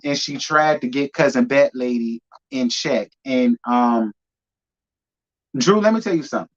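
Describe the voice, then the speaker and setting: A man's voice: fairly high pitch, a bit bright. A man hosting a live reality TV review, talking in a sassy, emphatic way and repeating lines for effect. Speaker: reality TV recap host. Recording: muffled lo-fi audio.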